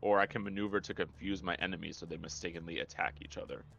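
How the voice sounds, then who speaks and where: A man's voice: low-pitched, fairly even intonation, fast talker, vocal fry, a bit bright, muffled recording, slight background noise. A man talking through his moves as a tabletop game player, hesitant and thinking aloud. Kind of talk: casual game talk.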